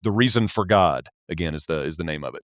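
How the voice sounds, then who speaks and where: A man's voice: sits low, expressive, fast, no room sound, clean studio sound. A man with a Southern American accent, a guest on a podcast, talking earnestly and often repeating words as he starts a thought. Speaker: podcast guest, church accounting specialist. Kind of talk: casual interview conversation.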